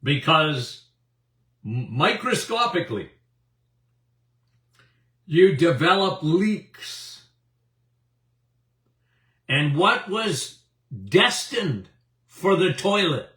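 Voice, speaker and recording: Animated older man, bright and roomy. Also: on the high side, very slow, pauses often. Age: 70s. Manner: emphatic and repetitive, with chuckles. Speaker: doctor hosting a health show. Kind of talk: animated health talk to an audience. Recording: roomy, distant mic.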